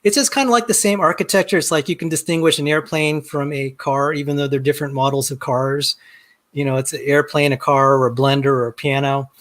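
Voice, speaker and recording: A middle-aged man walking through a software demo on a video call, rambling and self-deprecating, often repeating words as he starts a sentence. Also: fairly high pitch, steady tone, a little fast. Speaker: guest. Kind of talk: casual screen-share demo chat.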